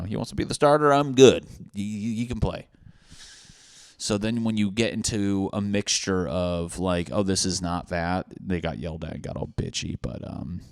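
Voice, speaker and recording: A young man with a low voice rants casually and profanely into a close, dry podcast mic. He mocks people as he talks, swearing freely in an offhand monologue. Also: no echo. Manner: profane, ranting, mocking. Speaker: podcast host.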